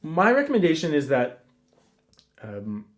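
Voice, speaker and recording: A man teaching a guitar lesson in a relaxed, casual way, counting rhythms aloud with frequent ums. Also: on the high side, unhurried. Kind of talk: casual instructional talk.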